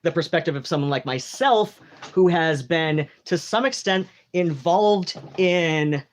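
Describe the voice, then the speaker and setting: A man's voice: fairly high pitch, measured pace. Man with an affected mid-Atlantic accent. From United States. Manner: rambling, heavy use of "like" and "you know"; campy, gossipy and theatrical. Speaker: livestream host. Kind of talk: casual rambling livestream chat.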